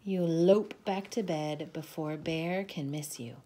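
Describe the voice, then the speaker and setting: A woman hosting a children's storytime, reading a bedtime picture book aloud in an expressive, gentle way and inviting the kids to join in. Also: low voice, slow, a little hiss or hum.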